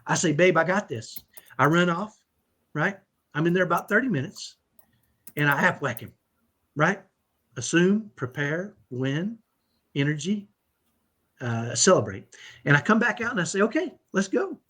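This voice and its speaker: Middle-aged man, husky voice, slightly raised pitch, animated storytelling, podcast guest. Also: moderate pace, long pauses. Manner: animated, repeats "right?" often. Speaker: podcast guest, autism dad. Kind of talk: conversational storytelling.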